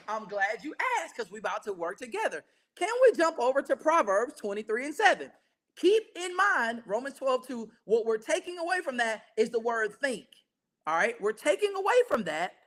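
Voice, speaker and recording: A man's voice: very high voice, moderate pace. A man teaching an interactive Bible study, keeping check on his listeners with frequent "right?" and leading call-and-response. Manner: energetic, keeps checking in with listeners.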